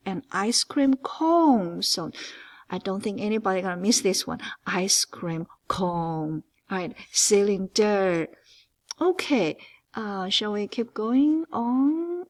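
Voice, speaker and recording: A woman math teacher with a non-native English accent, walking through a geometry lesson and stressing key words. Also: mid-range voice. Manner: emphatic, stretches key words, lively ups and downs.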